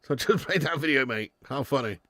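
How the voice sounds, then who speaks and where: A man's voice: mid-range voice, lively intonation, fast talker, bright, forceful tone, no echo, studio quality. A man hosting a live football watch-along stream, reading out donations and bantering with viewers in a chatty manner with frequent laughs.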